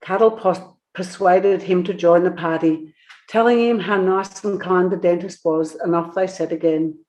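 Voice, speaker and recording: A woman narrating a children's book in an expressive storytelling manner. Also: fairly low pitch, moderate pace.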